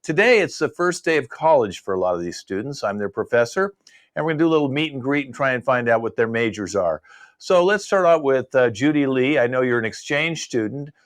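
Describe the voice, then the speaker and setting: Older male improv host, flustered professor, scolding in quick bursts, video call audio. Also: mid-range voice, animated. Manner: exasperated, scolding, rapid questions.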